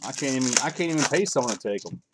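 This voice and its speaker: Racing through his words, a medium-pitched, expressive man hosts a live card break from home against a noisy background. His commentary is rambling and casual as he calls out every card he pulls while opening packs.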